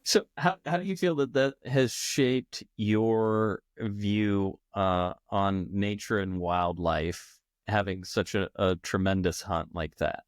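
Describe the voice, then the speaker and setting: A man hosting a podcast, asking questions in a slow, measured way. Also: lowish voice, no room sound, clean studio sound. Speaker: podcast host. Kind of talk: interview questions.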